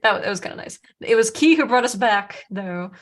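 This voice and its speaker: A woman co-hosting a podcast in a loose, casual conversation. She rambles through her points with many fillers and restarts. Her voice sits at an ordinary mid pitch. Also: expressive, a little fast. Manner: rambling, filler-heavy, laughs often. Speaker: podcast co-host. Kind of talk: casual chat.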